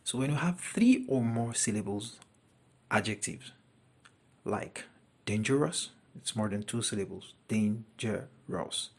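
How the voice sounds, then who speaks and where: A man teaches a grammar lesson at an unhurried pace. His voice is husky and a little breathy. He walks through each example carefully and repeats it for his students. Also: medium pitch, animated, a little mellow. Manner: deliberate, repeats each example sentence twice.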